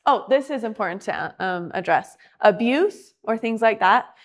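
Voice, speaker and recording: A woman teaching a class in a casual, chatty way, acting out quotes with lively emphasis. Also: on the high side, normal speed. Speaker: class instructor.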